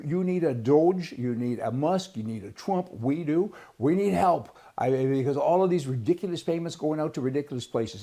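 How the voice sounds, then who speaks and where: A man's voice: fairly high pitch, warm tone. A man from Canada giving a blunt, rambling opinion monologue, restarting his sentences and breaking into sudden exclamations. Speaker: political commentator.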